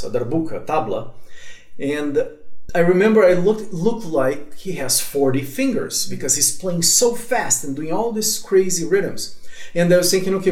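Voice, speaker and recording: A Brazilian drummer with a Brazilian Portuguese accent tells his story as an interview guest, animated and full of fillers. His voice is a little high, and the recording sounds roomy.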